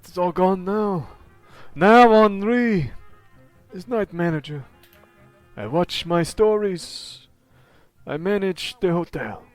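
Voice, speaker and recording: A man's voice: high-pitched, lively intonation, dry recording, soft background music, voice pushed up. A man voicing a troubled, evasive old male hotel night manager with a vague, faintly Eastern European accent that is hard to place. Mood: weary. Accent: unplaceable, faintly Eastern European put-on. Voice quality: halting, hesitant.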